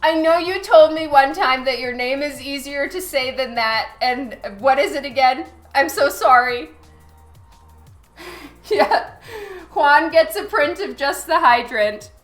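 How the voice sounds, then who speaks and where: A high-pitched woman chats slowly and casually with her stream audience, breaking into giggles between comments. Her voice carries a roomy echo, and faint music plays underneath. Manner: giggly, reads chat messages aloud. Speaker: artist streaming to chat. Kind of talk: casual live-stream chat. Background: faint background music.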